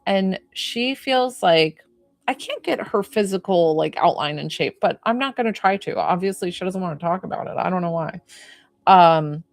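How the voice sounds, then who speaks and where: A woman's voice: on the low side, animated, normal speed, no room sound. A woman giving a spiritual medium reading in an effusive, emotional way with many fillers.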